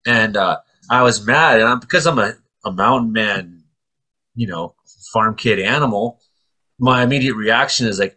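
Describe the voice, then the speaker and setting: A middle-aged man from Canada, co-hosting a casual chat and telling stories in an animated way with acted-out voices. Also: lowish voice, normal speed, breathy edge. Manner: animated storyteller, acts out voices. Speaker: co-host.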